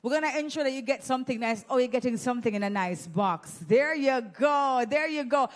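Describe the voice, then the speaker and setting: Running prize games and teasing her audience, a Jamaican event host keeps the mood playful and energetic on a handheld microphone. She speaks in a high voice at a fairly quick pace.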